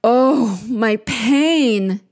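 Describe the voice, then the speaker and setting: A high, strained moaning voice of an underworld queen goddess, as a woman storyteller puts her on. She groans each word slowly and drags out her sighs. It is a spoken myth for listeners. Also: very animated.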